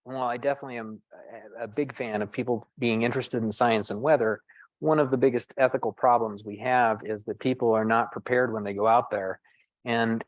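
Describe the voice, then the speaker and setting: A man's voice: mid-range voice, no room sound, poor audio. A middle-aged man, a physician and storm chaser, talking thoughtfully at a panel discussion, self-deprecating and restarting his phrases often.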